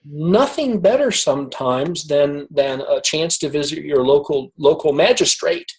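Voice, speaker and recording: A man, a guest author, telling a personal story in conversation, halting and repeating words as he gets emotional. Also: a little high, lively intonation, darkish tone, rough recording.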